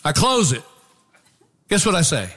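A man preaching a sermon to a congregation, animated and storytelling, joking with the crowd. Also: on the high side, unhurried. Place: church before a congregation.

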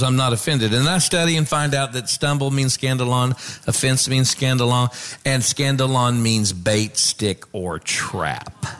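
A man preaching a sermon to a congregation, animated and storytelling, joking with the crowd. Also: mid-range voice. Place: church before a congregation.

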